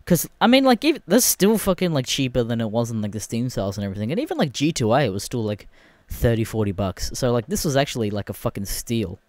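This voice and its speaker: A man's voice: medium pitch, big pitch swings, fast talker, a little mellow, no room sound. Profane ranting man. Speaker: podcast host. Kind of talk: casual solo rant.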